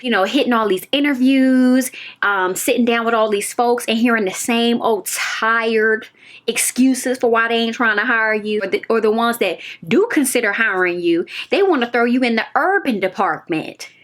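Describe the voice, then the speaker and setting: A woman's voice: on the high side, normal speed, fairly bright tone. A woman in her twenties reviewing a TV episode in a casual, emphatic way, repeating phrases and talking straight to her viewers. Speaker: TV review vlogger.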